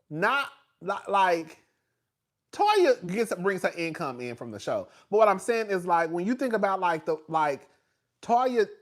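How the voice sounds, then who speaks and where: A young man with a high voice dishes on reality TV in a loose, gossipy monologue. He laughs often, leans hard on fillers, and jumps louder and higher when he gets excited. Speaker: reality TV commentator. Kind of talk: casual reality TV recap.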